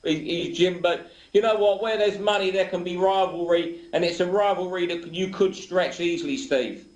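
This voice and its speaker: A man's voice: high-pitched, moderate pace, roomy sound, dull audio. A man talking boxing as a radio guest, loose and full of fillers. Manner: loose, filler-heavy, hedging. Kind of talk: casual radio talk.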